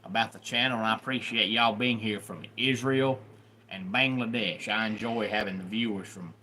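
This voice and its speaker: A Southern man from the Deep South hosts a casual live stream, greeting viewers one by one in a chatty way. His voice is on the low side but bright and forceful. A faint hiss sits under his talk. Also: fairly even intonation, moderate pace. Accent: Southern American. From Deep South, USA. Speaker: livestream host.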